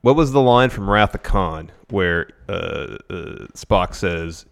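Rambling low-voiced man on a podcast. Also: lively intonation, slow, creaky. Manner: musing, rambling with restarts. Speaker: podcast co-host. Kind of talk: casual wrestling podcast chat.

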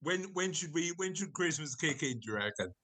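Bright-voiced rambling man. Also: on the high side, animated, fairly quick, husky. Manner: rambling, self-correcting, jokey. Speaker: podcast host. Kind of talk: casual chat.

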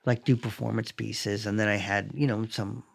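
A man, an artist, chatting casually in a reflective, halting way with many fillers. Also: lowish voice, fairly even intonation, vocal fry. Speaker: artist in conversation. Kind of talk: casual chat.

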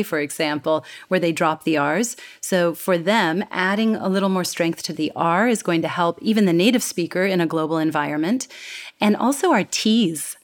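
Animated American woman explaining accents. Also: lowish voice. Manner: animated, explanatory, lively emphasis. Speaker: accent and communication coach. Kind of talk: interview conversation.

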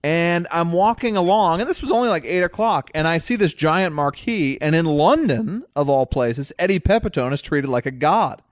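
A man's voice: fairly high pitch, expressive, normal speed, hardly any pauses, no echo, studio quality. A man telling stories in casual chat, rambling and self-deprecating.

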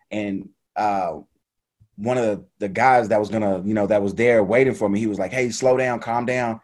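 A man casually telling a story about a race in an animated, laughing way, acting out what people said. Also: on the low side. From United States. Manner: animated, laughing retelling with quoted voices.

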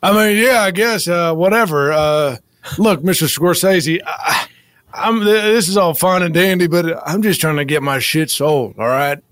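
A man's voice: sits high, moderate pace, a bit bright, no room sound, clean studio sound. A man performing improv comedy, talking in crude, streetwise slang.

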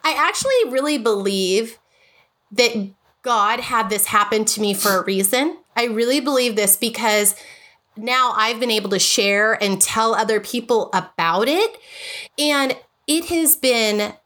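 A woman's voice: a little high, animated, unhurried, fairly bright tone. A woman, likely in her thirties, from the United States, talking earnestly and emotionally as a podcast guest, often restarting her sentences. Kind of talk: casual podcast conversation.

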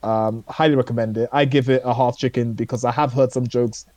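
A man's voice: mid-range voice, level tone, fairly quick, darkish tone, no room sound. A man co-hosting a podcast, chatting casually about shows he watched, rambling and hesitant with many fillers. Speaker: podcast co-host. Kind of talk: casual chat reviewing shows.

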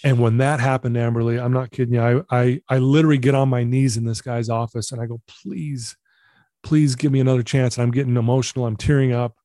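A middle-aged man shares his story in a candid, earnest way, often circling back to the same phrases. His voice is mellow and warm, and the recording is dry and close. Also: mid-range voice, level tone, quick pace, hardly any pauses, dry recording. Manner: earnest, candid, repeats himself for emphasis. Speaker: guest. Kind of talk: personal storytelling in conversation.

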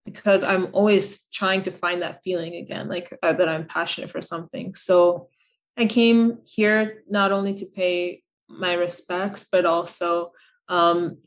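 A woman's voice: on the low side, fairly even intonation, measured pace. A woman guest on a podcast talking casually and reflectively, with many fillers and restarts. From United States. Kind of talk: casual interview chat.

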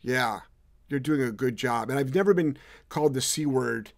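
A man's voice: mid-range voice, normal speed, vocal fry. Blunt, rambling male podcast host. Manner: rambling, blunt, swears freely. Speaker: podcast co-host, dog trainer. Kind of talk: casual podcast chat reading comments.

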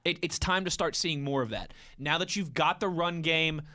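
High-voiced guy hosting a sports show, bright, super lively. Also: normal speed. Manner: animated, laughs often, breaks into playful singing. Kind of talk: casual sports talk.

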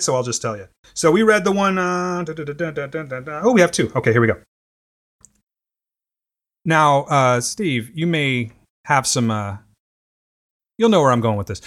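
A man's voice: on the high side, a bit bright. A man hosting a podcast in casual chat, loose, rambling and profane. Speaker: podcast host.

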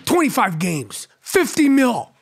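A man's voice: extremely high pitch, very animated, measured pace, vocal fry, noisy background. A middle-aged man with a New York accent, hosting a podcast and delivering a brash, profane, mocking solo rant. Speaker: podcast host.

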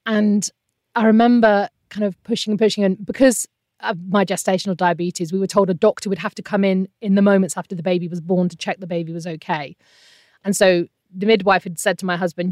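A woman's voice: mid-range voice, steady tone, a little fast, darkish tone, dry recording. Middle-aged woman, interview guest, candid and emotional storytelling, close and dry sound. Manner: emotional, candid, often trailing off. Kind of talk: personal storytelling in conversation.

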